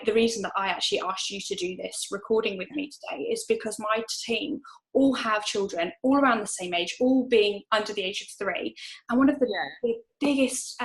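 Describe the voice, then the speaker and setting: A woman hosts a relaxed interview. She talks in an encouraging, easygoing way, with casual fillers. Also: medium pitch, poor audio. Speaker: interviewer, team leader.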